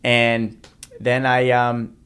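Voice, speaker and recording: A man's voice: mid-range voice, completely flat delivery, drawn-out words, fairly bright tone, clean tone. A man in his thirties from New Jersey, a podcast guest telling his own story in an earnest way, often repeating himself and restarting. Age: 30s. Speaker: guest, motivational speaker. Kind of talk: personal storytelling in a podcast interview.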